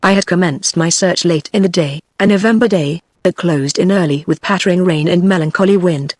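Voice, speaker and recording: A text-to-speech woman's voice with a British English accent, reading a novel aloud as an audiobook narrator in an even, synthetic manner. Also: fairly low pitch, fairly quick, no room sound. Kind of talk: scripted narration. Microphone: synthetic, no room.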